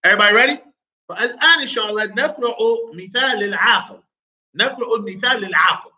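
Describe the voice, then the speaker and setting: A man teaches a class in a bright, cutting voice. He pitches his voice high and swings it widely as he playfully fires repeated questions at his students. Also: lively intonation, rapid-fire, highs cut off. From United States. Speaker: Arabic teacher. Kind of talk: classroom lesson with call-and-response.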